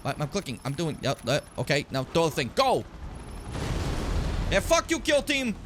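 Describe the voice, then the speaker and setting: A young man streaming a video game, reacting with loud, profane outbursts, shouted taunts and frequent laughter. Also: on the high side, wildly swooping pitch, normal speed, background noise. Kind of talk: live gameplay commentary.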